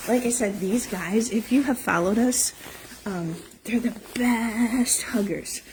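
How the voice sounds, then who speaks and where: A woman's voice: a little high, slow, a little mellow, a little hiss or hum, low-quality recording. A woman who runs an animal rescue, talking casually to her phone camera in a barn full of dogs. She speaks affectionately to the dogs and laughs often. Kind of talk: casual morning vlog. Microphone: handheld phone camera.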